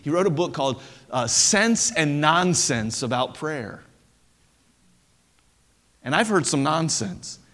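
Lively high-voiced preaching man. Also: takes it slowly, long pauses, big-room sound. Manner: animated preaching with stammered restarts and playful impressions. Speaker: pastor. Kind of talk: sermon.

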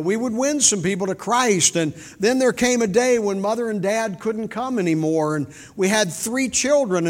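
An older man giving a sermon with folksy storytelling, shifting from loud emphasis to quiet, intimate moments. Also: high-pitched. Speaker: preacher. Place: large church hall. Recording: reverberant church hall.

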